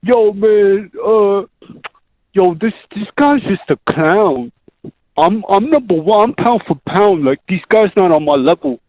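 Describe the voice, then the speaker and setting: A man's voice: sits high, lively intonation, slow pace, no echo, lo-fi sound, voice pushed up, exaggerated voice. A man voicing a cocky young male boxer, bragging with swagger in a raised voice.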